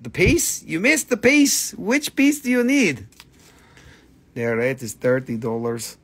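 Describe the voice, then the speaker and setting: High-voiced joking man selling crystals live. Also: very animated, slow, fairly bright tone. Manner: joking, playful, breaks into silly voices. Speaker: live-stream crystal seller. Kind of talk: casual live sales stream.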